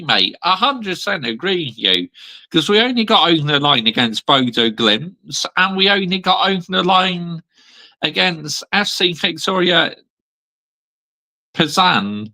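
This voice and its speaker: Brief: male vlogger, bright gravelly voice, slow and lively, blunt emphatic rant. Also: medium pitch, rough recording. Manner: blunt, emphatic, repeats "yeah?" and "mate". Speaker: football channel host. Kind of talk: ranting fan vlog.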